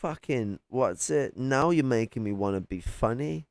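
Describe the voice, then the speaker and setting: A man's voice: mid-range voice, expressive, unhurried, vocal fry, darkish tone, dry recording. A man in a heated, profane livestream rant, mocking and arguing with chat. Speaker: livestream host.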